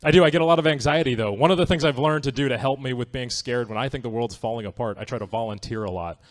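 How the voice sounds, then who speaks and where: A man's voice: medium pitch, fast. A male comedian works through a stand-up set in a comedy theatre, speaking into a handheld mic. His voice sits in an ordinary middle register. He keeps things loose and wry, often asking the crowd "right?". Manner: conversational, wry, asks the audience "right?".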